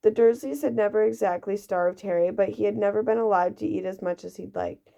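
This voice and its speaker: A woman's voice: mid-range voice, a little fast, creaky, warm tone. A woman doing an amateur audiobook reading, often slipping and restarting, on a dull lo-fi recording. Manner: reads with frequent slips and restarts. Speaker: reader.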